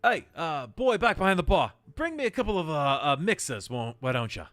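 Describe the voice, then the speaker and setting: A man's voice: on the high side, animated, moderate pace, no room sound, voice pushed up. A man doing a brash, cocky gnome barkeep. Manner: loud, brash, calls people son.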